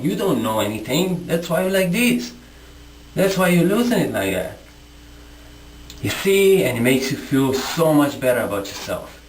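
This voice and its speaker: Male vlogger, combative rant to camera, lively swinging pitch, echoey room. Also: moderate pace, slight background noise. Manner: confrontational, repetitive, rhetorical questions. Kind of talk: impassioned monologue to camera.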